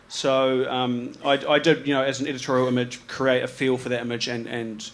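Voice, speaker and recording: A man's voice: mid-range voice, level tone, brisk. A man from New Zealand with a New Zealand accent, a photographer giving a live talk about his slides. He rambles casually, with lots of ums, restarts and slang. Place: live event venue with an audience.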